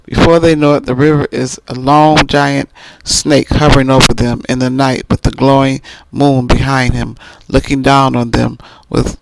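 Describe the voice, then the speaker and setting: A man's voice: medium pitch, little pitch movement, moderate pace, gravelly, noisy background. A man reviewing a book, casually retelling its plot in detail and often restarting his phrases.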